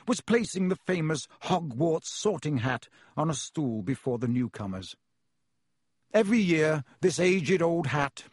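Audiobook reader, man, husky voice, measured and expressive, dry close sound. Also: a little high, dry recording. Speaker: audiobook narrator. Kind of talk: scripted narration.

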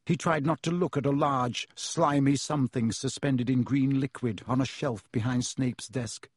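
A man reading a storybook aloud in a measured, expressive way. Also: mid-range voice, husky, no room sound, studio quality. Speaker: audiobook narrator.

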